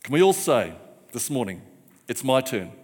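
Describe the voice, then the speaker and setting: A male preacher delivering a rousing sermon, leading his congregation in repeated call-and-response lines. His voice sits at an ordinary middle pitch and rings out with a long reverb that fills the church hall. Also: very animated, normal speed, darkish tone.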